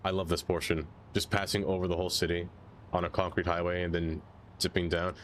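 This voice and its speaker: A man's voice: low-pitched, flat delivery, fairly quick, a bit bright, a little hiss or hum. A man streaming a city-building game, rambling casually to his viewers and getting sidetracked by chat. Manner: rambling, chatty, easily sidetracked.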